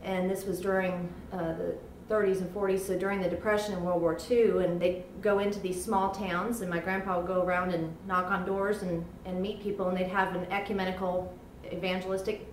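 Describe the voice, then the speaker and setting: A woman's voice: fairly low pitch, flat delivery, brisk, far from the mic, slight background noise. A woman recounting her family's history with revivals in an interview. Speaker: choir member. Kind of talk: reflective interview talk. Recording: roomy, off-mic with faint ambience.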